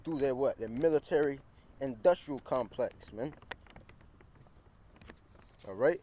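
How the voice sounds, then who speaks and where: Cars pass as a man with a dark, mid-range voice preaches and reads scripture beside a busy street at a measured pace. His delivery is repetitive, full of stumbling restarts, and he raises his voice over the traffic.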